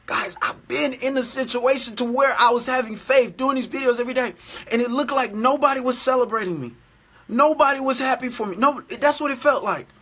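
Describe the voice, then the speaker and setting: A man's voice: extremely high pitch, bright, forceful tone, slightly rough. A man preaching a daily devotional sermon, earnest and repetitive in his exhortations.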